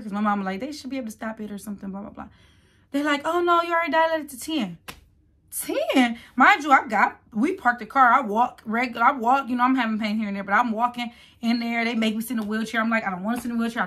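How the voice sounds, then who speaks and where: A woman, telling a casual story while getting ready, lively and acting out other people's voices. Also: on the high side. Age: late 20s. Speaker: vlogger.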